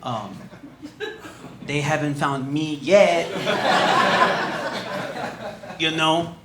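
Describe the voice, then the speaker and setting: A young man doing stand-up with laid-back storytelling and deadpan punchlines, on a comedy club stage through a handheld mic. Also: a little high, extremely slow. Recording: roomy club with audience noise.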